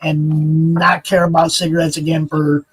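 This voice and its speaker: Middle-aged man, husky and high-pitched, rambling profane stories in a loose stream chat. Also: flat delivery, moderate pace. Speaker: panelist on a livestream. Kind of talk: casual chat.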